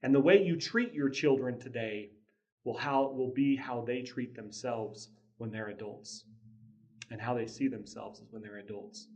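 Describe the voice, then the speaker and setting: A man's voice: mid-range voice, moderate pace, darkish tone. A man hosting a casual motivational talk on parenting, telling a family story in an earnest way with chuckles and frequent restarts. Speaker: podcast host, father.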